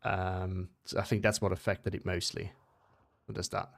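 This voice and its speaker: A man's voice: low voice, level tone, moderate pace, vocal fry. A young Swiss man streaming a game, speaking English as a second language with a mixed British-American accent, rambling and correcting himself as he chats with viewers. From Switzerland. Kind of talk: casual live-stream chat.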